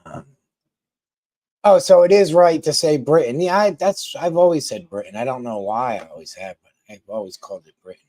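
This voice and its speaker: A man's voice: on the high side, lively intonation, brisk, warm tone, dry recording. A man chatting casually with viewers on a live stream, rambling with lots of ums and restarts.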